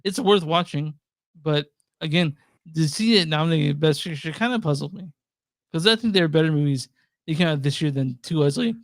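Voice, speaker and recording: A gravelly, fairly high-pitched man from Texas co-hosts a casual movie chat. He stumbles and repeats words, recorded close and dry. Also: dry recording. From Texas and Louisiana. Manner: halting, repeats words, chuckles often. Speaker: movie review podcast co-host.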